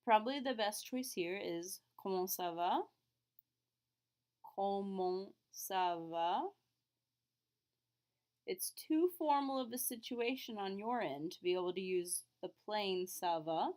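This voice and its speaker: A woman French teacher explaining phrases to her students, clearly and patiently, modeling each word slowly. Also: mid-range voice, a little mellow. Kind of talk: classroom lesson recording.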